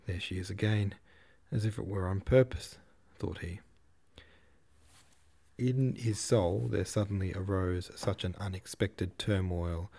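A man reading a classic novel aloud as a podcast host, in a measured storytelling manner. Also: low-pitched, a little mellow, husky. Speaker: audiobook reader and podcast host.

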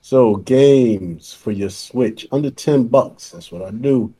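Man, husky, mellow tone, eager deal pitches, repeats himself, choppy call audio. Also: slow pace. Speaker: podcast co-host presenting game deals. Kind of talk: casual podcast chat.

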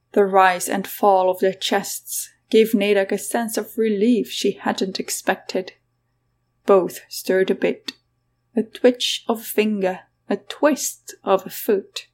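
A woman narrating a fantasy story in a scripted, even reading. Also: medium pitch, slow. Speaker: audiobook narrator.

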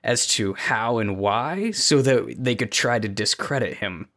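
A man guests on a casual podcast, laughing often and asking thoughtful questions. His pitch sits in the middle but moves around a lot. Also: expressive, a little slow, a bit bright. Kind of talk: casual chat.

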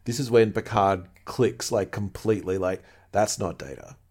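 A man's voice: on the low side, normal speed, darkish tone. A man co-hosting a podcast, chatting casually and eagerly about a TV episode and quoting its lines. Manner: enthusiastic, quotes lines from the show. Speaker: podcast co-host. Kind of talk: casual chat recapping a TV episode.

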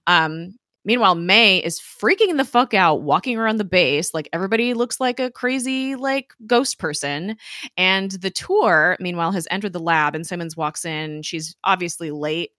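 A chatty woman recaps a TV episode in a casual talk show, peppering her story with fillers and laughter. Her voice is bright and a touch low, and it sits in a dry, close recording with no room sound. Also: moderate pace, no echo. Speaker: podcast co-host.

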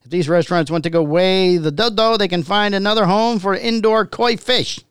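A man hosting a casual podcast, reading out news stories in a jokey, animated way. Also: high voice, normal speed, smooth, no echo, clean studio sound. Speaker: podcast host.

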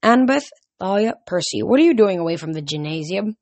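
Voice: mid-range voice, expressive, fairly quick, darkish tone, dry recording, lightly acted. A reader voicing a stiff, demanding older female teacher in a storybook reading. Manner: demanding, then dreamy.

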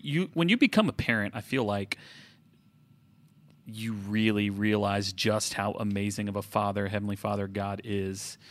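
A man in his thirties co-hosts a laid-back podcast conversation on faith, speaking at a normal pace in a voice on the low side. He sounds reflective and keeps self-correcting, often starting his sentences over.

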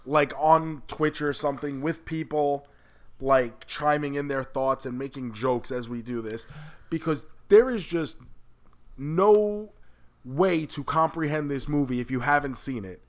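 Animated higher-voiced man riffing. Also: measured pace. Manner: animated, swears freely, exaggerates for laughs. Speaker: podcast co-host. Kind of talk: casual pop culture chat.

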